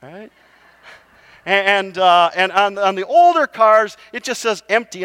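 A middle-aged man preaching a sermon in a slightly high voice. He tells stories with lively swings in pitch, pokes fun at himself and keeps asking the congregation "right?". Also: takes it slowly, clean tone, long reverb tail. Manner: animated, self-mocking, talks to the crowd with repeated "right?". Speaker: pastor. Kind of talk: storytelling sermon.

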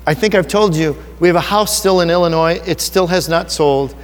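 Pastor, male, higher-pitched voice, earnest and conversational, church hall with a long echo. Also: moderate pace. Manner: earnest, personal and conversational, with rhetorical questions. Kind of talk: sermon.

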